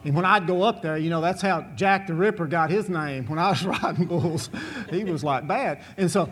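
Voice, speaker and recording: A man's voice: a little high, moderate pace, fairly bright tone, slight background noise. A man, a former bull rider telling a long folksy story to an audience, drawling and chuckling as he goes. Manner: drawling, chuckling, repetitive restarts.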